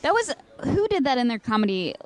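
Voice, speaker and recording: A woman co-hosting a casual podcast chat at a restaurant, easygoing and quick to laugh. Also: high-pitched, big pitch swings. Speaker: podcast co-host.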